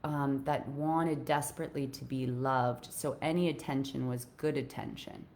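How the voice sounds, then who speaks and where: A woman life coach talking casually to her viewers in an earnest way, growing animated as she retells a story. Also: very deep voice, moderate pace, a little hiss or hum. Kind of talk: casual live video talk.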